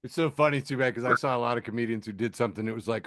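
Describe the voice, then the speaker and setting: A man co-hosting a casual podcast who answers with short reactions and quick quips. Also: mid-range voice, a bit bright, no room sound. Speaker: podcast co-host. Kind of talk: casual chat.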